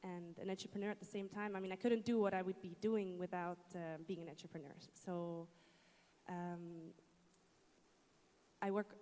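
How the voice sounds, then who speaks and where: A woman's voice: fairly low pitch, steady tone, normal speed, dark tone. A woman from Egypt, a panelist who answers earnestly with some hesitations. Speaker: panelist, entrepreneur. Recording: long hall reverb.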